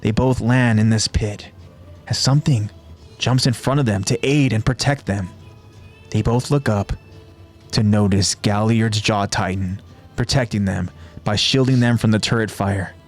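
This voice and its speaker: Low-voiced man recapping a show. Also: measured pace, faint music behind. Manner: steady, descriptive storytelling. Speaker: podcast host. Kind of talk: retelling an anime episode scene by scene.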